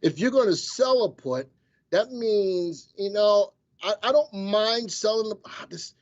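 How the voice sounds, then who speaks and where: A man's voice: sits high, dry recording. Man, stock show host, casual live commentary, playful teasing banter, dry dull lo-fi sound.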